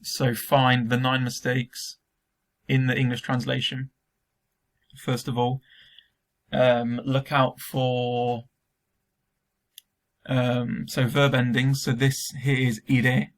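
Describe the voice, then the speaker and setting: A man's voice: medium pitch, completely flat delivery, slow, long pauses. A man teaching a recorded remote Spanish lesson to school students, explaining step by step with frequent ums.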